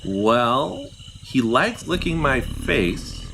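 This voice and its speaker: Man playing an upbeat paleontologist, lively pitch, bright voice, teacherly, faint hiss behind. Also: drawn-out words, creaky, exaggerated voice, poor audio. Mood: explaining. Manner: explaining, enthusiastic teacher tone. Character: enthusiastic adult male paleontologist guide.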